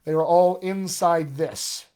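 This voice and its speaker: Man, dialect coach, live stream lesson, patient explaining, slightly high voice, webcam mic. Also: darkish tone. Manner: explains slowly, checks in with "all right?".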